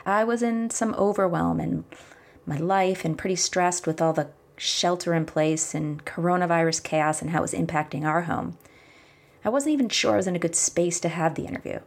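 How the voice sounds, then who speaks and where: A woman podcast host speaking gently and encouragingly, reflecting and telling a fable, sometimes dropping to a whisper. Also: lowish voice, moderate pace, gravelly. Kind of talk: reflective monologue with storytelling. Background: background music.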